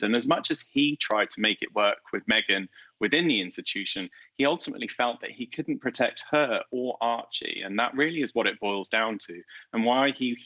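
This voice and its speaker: A man answering interview questions as an author, in a measured, articulate way with light emphasis. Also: mid-range voice, sharp tone, no room sound, lo-fi sound. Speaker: guest author.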